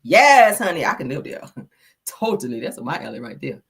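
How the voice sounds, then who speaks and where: A woman's voice: a bass voice, sing-song, brisk, gravelly, breathy edge. A woman hosting a gossip channel, chatting casually and gushing, calling her viewers honey and child. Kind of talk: casual commentary.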